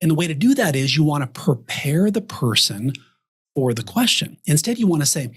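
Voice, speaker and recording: A man's voice: fairly high pitch, normal speed, breathy edge. A man from Texas, a guest on a podcast, coaching advisors by acting out example conversations. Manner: animated storyteller acting out example dialogues. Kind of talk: podcast interview talk.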